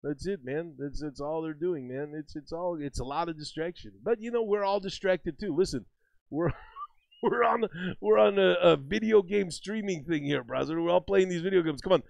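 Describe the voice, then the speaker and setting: A man's voice: a little high, normal speed, creaky, darkish tone, dry recording. A man co-hosting a game stream, ranting and rambling with lots of swearing and calling listeners "brother.". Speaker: streamer co-host. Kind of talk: profane ranting stream chat.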